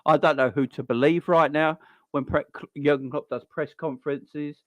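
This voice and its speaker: A man's voice: on the high side, steady tone, moderate pace, fairly bright tone, no room sound. A young man hosting a live stream, ranting in an exasperated, repetitive way and swearing now and then. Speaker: fan channel host. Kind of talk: live-stream football rant.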